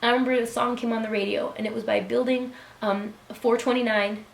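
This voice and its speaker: Woman, 30s, vlogger, earnest, soft-spoken, fillers, echoey room. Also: fairly high pitch, level tone, brisk, gravelly. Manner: earnest, soft-spoken, with frequent ums and likes. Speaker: beauty vlogger. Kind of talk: heartfelt personal vlog.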